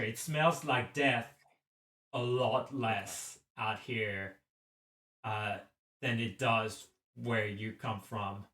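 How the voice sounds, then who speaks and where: A man narrating a tabletop game as game master, slow and halting, with many restarts. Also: medium pitch, sharp tone, far from the mic. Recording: roomy echo, a bit off-mic.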